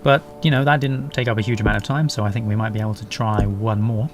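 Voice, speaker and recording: This young English YouTuber's voice is on the low side and fairly even as he commentates quickly on a game from home in the English countryside. His casual commentary is rambling, sweary and self-deprecating, and there's a little hiss or hum on the recording.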